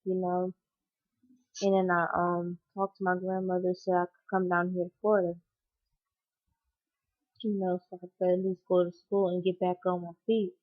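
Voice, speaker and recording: Young woman vlogging about a dream, flat delivery, rambly and emotional, kinda dull lo-fi sound. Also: on the low side, moderate pace, long pauses. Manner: rambling, emotional, many fillers. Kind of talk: personal storytelling. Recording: dull lo-fi recording.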